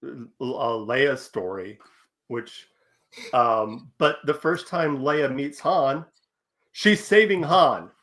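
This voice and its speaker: A man's voice: medium pitch, slow, fairly bright tone. A man co-hosting a casual podcast discussion, hesitant and searching for words as he talks. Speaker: podcast co-host.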